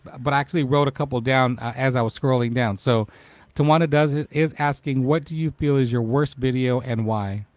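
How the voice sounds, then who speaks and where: An upbeat man hosts a casual livestream chat, greeting viewers by name and encouraging them. His voice sits in a middle pitch. It sounds dry and close. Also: a little fast, no echo. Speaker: talk show host.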